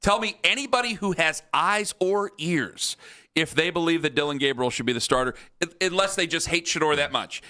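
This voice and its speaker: A man's voice: a little high, a little fast, bright, forceful tone. A male sports radio host ranting heatedly, often repeating himself.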